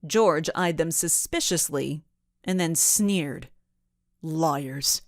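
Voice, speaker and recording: Slow, expressive woman audiobook narrator. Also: on the low side, no room sound, studio quality. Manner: expressive storytelling. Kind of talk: scripted children's audiobook narration.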